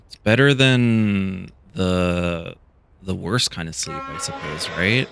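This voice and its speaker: Male gamer, deep voice, slow and casual, thinking aloud while reading the game text. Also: gravelly, fairly bright tone, a little hiss or hum.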